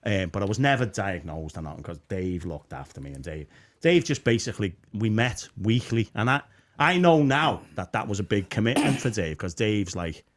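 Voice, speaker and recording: A man's voice: lowish voice, very animated, normal speed. A middle-aged man, a Baptist minister co-hosting a casual chat, telling self-mocking stories with frequent laughter. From England. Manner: jokey, self-mocking storyteller who laughs often. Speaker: Baptist minister and podcast co-host.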